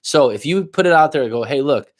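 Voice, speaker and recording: A man's voice: on the high side, expressive, fast. A man giving live coaching advice in a blunt, profane way, pushing the listener with repeated questions. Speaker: life coach.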